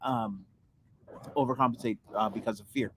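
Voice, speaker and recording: A man co-hosting a casual podcast, giggly and teasing, halting with restarts as he talks. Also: mid-range voice, fairly even intonation, slight background noise. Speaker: podcast co-host. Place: outdoors, floating in a pool.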